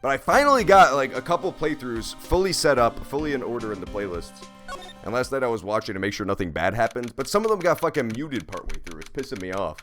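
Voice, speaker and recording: A man's voice: medium pitch, very animated, quick pace, fairly bright tone, faint music behind. A man giving casual, profane, rambling gameplay commentary while streaming. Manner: rambling, swears a lot, jokey. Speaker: let's play streamer.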